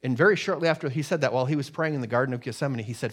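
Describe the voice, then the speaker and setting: A man's voice: rapid-fire, few pauses. Man preaching with rising fervor. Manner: preaching with swelling emphasis, dropping low for solemn points. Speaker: pastor. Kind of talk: sermon.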